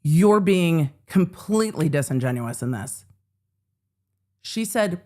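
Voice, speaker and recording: Lowish-voiced woman doing trial commentary on a stream, blunt, sarcastic, cusses a lot. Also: lively intonation, takes it slowly, a little mellow. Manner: blunt, sarcastic, swears freely. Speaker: legal commentator host.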